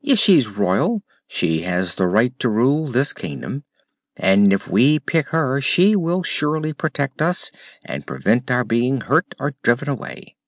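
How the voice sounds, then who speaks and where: A man voicing a calm, reasonable wandering man in an audiobook. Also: medium pitch, unhurried, no echo, voice pushed up. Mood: reasoning.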